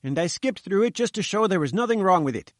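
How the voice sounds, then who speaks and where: A fat little pushy reporter , as a male narrator puts him on, sputters in a high, strained voice. He talks back with cheek and indignation. The sound is dry and close. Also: lively intonation, quick pace, no echo. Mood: cheeky.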